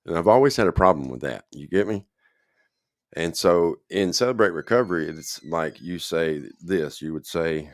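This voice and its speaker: Very deep-voiced man telling a story. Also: moderate pace, dry recording, studio quality. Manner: rambling, checks in with the listener often. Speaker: podcast host telling his own story. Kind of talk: casual spoken storytelling.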